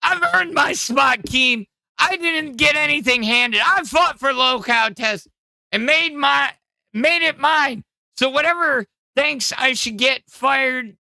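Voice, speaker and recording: A man voicing a brash, aggressive male podcast host who boasts and shouts in a fake Welsh accent. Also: very high voice, slow, gravelly, dry recording, pitched above the performer's own voice, full character voice. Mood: boastful.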